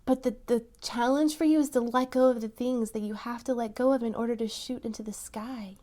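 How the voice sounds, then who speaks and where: A woman giving a tarot reading to her viewers, talking in an encouraging, softly emphatic way and breaking into excited exclamations. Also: a little high, a little fast. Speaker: tarot reader.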